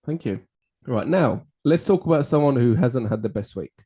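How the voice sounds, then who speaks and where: Mellow-voiced podcast host, lively. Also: male voice, medium pitch, moderate pace, husky. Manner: jokey, rambling, laughs at own jokes. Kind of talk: casual banter over drinks.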